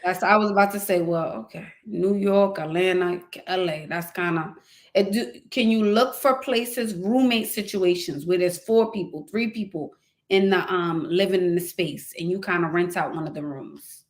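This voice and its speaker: A woman's voice: on the low side, moderate pace. A woman hosting a live advice chat, speaking directly and encouragingly to a caller and to her viewers. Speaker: advice show host.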